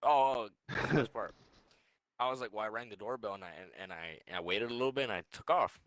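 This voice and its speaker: A man's voice: on the low side, quick pace, a bit bright, dry recording. A young man co-hosting a podcast, telling a rambling, swearing story in casual chat. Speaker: podcast co-host.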